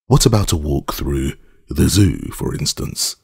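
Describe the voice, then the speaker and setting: Wry, eager gentleman detective, lively delivery, as a male narrator puts him on. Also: a bass voice, a little slow, creaky, slightly rough, dry recording, studio quality, heavily acted.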